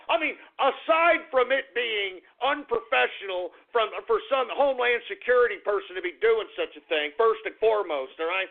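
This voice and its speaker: A radio host rants on air, his voice high-pitched and rough with gravel as he swears and repeats himself. The sound is thin and tinny, like a phone line. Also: animated, normal speed, few pauses. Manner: agitated, profane, repetitive rant. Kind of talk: ranting talk radio monologue.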